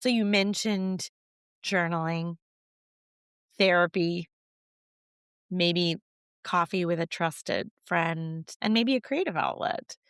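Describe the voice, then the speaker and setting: A woman hosting a podcast, asking reflective questions and offering soft affirmations. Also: lowish voice, slow, pauses often, clean tone, no room sound, clean studio sound. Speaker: podcast host. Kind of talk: conversational interview.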